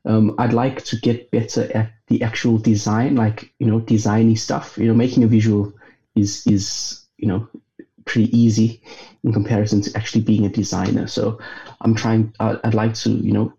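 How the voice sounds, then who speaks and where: A man's voice: fairly low pitch, moderate pace, gravelly. Yorkshire man on a muffled call. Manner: relaxed, many fillers like "you know". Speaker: guest. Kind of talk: casual conversational interview.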